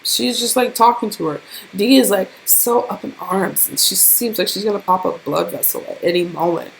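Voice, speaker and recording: A woman's voice: mid-range voice, moderate pace, gravelly, slight background noise. A young woman vlogger animatedly telling a profane storytime tale to her camera. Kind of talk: storytime vlog.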